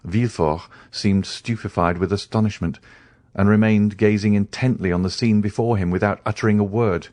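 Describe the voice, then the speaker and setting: A man narrating an audiobook in an even, measured reading. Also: on the low side, no echo.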